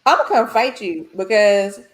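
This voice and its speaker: A woman's voice: mid-range voice, lively intonation, moderate pace. A woman co-hosting a casual sports podcast, teasing and outspoken. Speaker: podcast co-host.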